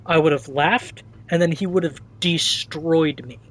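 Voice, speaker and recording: A man's voice: fairly high pitch, unhurried, a bit bright, slight background noise, low-quality recording. A man streaming a game, making chatty, joking asides. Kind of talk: game livestream commentary.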